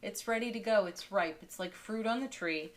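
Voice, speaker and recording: A woman giving a daily spiritual tarot card reading, soothing and unhurried, with soft laughs between cards. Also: mid-range voice, a little hiss or hum.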